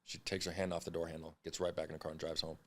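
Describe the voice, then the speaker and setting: A man's voice: rumbling low, little pitch movement, rapid-fire, fairly bright tone, slight background noise. A man in his thirties, a podcast guest, telling his story bluntly with frequent swearing. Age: 30s. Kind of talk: candid storytelling interview.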